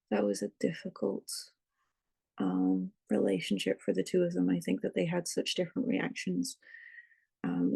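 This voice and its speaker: An author talking thoughtfully about their novel in an interview, often pausing to search for words. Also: mid-range voice, creaky, warm tone, slightly rough. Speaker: author, guest. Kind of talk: reflective interview talk.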